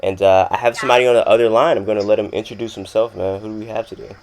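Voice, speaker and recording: A man's voice: lowish voice, steady tone, very fast, darkish tone, a little hiss or hum. A young man from Florida hosting a casual interview, laid-back and saying "man" often. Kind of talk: casual chat.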